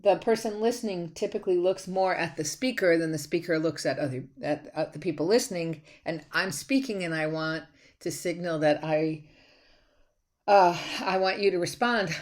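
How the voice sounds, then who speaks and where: A woman's voice: on the low side, moderate pace. A woman college instructor giving a recorded lecture on slides, talking conversationally with frequent restarts and fillers.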